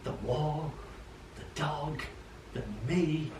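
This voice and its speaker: An older man reading his poems at an open mic, chatty and animated, acting out the voices in his stories. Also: on the high side, very slow. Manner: chatty, animated storyteller who acts out quotes. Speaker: poet. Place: old library room. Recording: echoey room, mic far off, faint hum.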